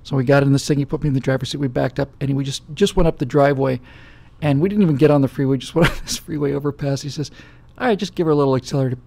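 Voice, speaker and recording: A man's voice: mid-range voice, steady tone, racing, creaky, mellow, slight background noise. A man hosting a live show, telling stories in a rambling, casual way with many fillers. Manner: rambling and anecdotal with frequent fillers. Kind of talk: casual storytelling chat.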